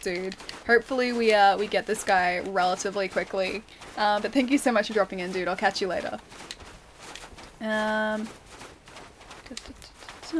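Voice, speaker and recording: A woman's voice: mid-range voice, slight background noise. A young woman with an Australian city accent, chatting casually with her stream chat while playing a game, giggling often. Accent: Australian, city, pronounces final R's.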